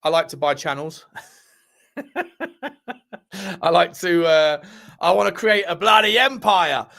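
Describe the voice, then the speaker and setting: A chatty man hosts a casual live stream, rambling and bantering with viewers. His voice sits a bit high for a man, and he laughs often as he talks. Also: measured pace, vocal fry, bright, forceful tone. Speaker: livestream host reading chat.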